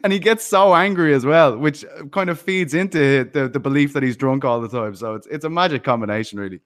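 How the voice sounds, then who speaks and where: A man's voice: mid-range voice, fairly quick, a bit bright. A man co-hosting a casual podcast, joking and teasing with playful bravado. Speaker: podcast co-host and interviewer.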